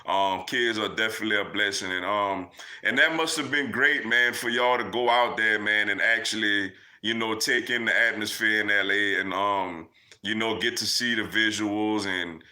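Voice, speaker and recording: A young livestream host with a fairly low, bright, forceful voice speaks at normal speed. He reads viewer comments in a casual Q&A, chatting loosely and dropping "man" and "yo" constantly.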